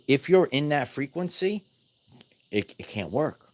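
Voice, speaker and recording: A man's voice: a little high, very animated, a little slow. A man giving a casual spiritual teaching talk to his viewers, emphatic and full of repeated words and restarts. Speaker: spiritual wellness vlogger.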